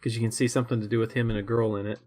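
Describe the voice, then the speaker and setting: A man's voice: fairly low pitch, level tone, rapid-fire, a little mellow. A young man co-hosting a casual chat, rambling and laughing often as he talks. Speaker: co-host. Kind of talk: casual chat reviewing shows.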